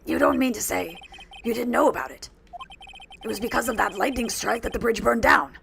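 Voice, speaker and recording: Earnest young male game lawyer, read by a woman, plain and firm, high bright register. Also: brisk, gravelly, background noise. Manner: reading game dialogue aloud, plain and steady.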